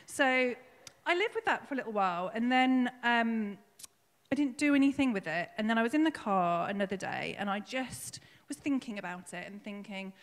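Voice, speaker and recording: A woman giving a personal testimony at her own baptism in church, emotional and tearful, halting with fillers as she speaks. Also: fairly high pitch, animated. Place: church hall. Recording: long hall reverb.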